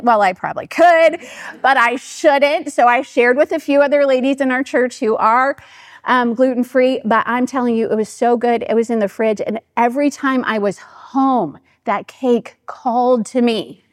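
A woman's voice: fairly high pitch, moderate pace, no echo, clean studio sound. Chatty woman telling church stories. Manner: chatty and animated, acting out quoted voices. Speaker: pastor's wife giving a talk. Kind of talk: storytelling church talk.

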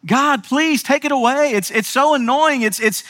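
A man's voice: extremely high pitch, moderate pace, fairly bright tone, pitched above the performer's own voice. A man voicing a frustrated apostle who begs God to take his burden away, in a strained, pleading voice.

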